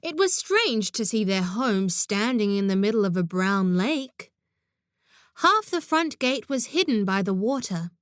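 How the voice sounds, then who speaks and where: A woman narrating a children's audiobook in an expressive storytelling manner, close to the mic. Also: medium pitch, measured pace, clean tone, no echo.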